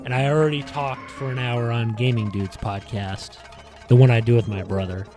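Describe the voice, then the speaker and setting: A man's voice: mid-range voice, steady tone, moderate pace, music in the background. A man hosting a podcast, rambling casually and filling his talk with "like" and "you know". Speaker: podcast host. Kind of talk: casual retrospective monologue. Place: in front of a green screen.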